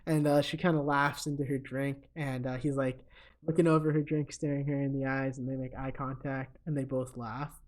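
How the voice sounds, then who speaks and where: A man's voice: mid-range voice, little pitch movement, moderate pace, darkish tone. A man co-hosting a comedy podcast, recapping a movie in a rambling, casual way with lots of fillers. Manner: rambling, filler-heavy storytelling. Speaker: podcast co-host.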